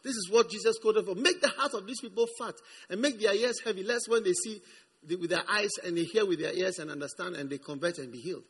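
A man preaching a sermon with emphasis, repeating words and swinging from hushed reading to shouted lines. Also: high voice, fast, slight background noise. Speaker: pastor.

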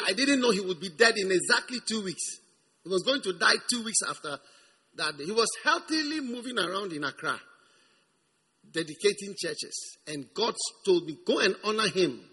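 A man preaching a sermon with emphasis, repeating words and swinging from hushed reading to shouted lines. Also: high-pitched, husky. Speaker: pastor.

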